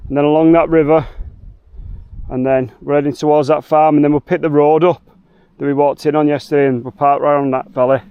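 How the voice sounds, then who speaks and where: Scouse guy vlogging his hike, cheery and slangy, bit higher voice, camera mic outside. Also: little pitch movement, fairly quick, clear, resonant tone, no echo, lo-fi sound. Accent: Liverpool. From England. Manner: chatty, cheery, slangy, addresses viewers as legends. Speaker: hiking vlogger. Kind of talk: casual walking vlog. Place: outdoors on wet fells, later in a car.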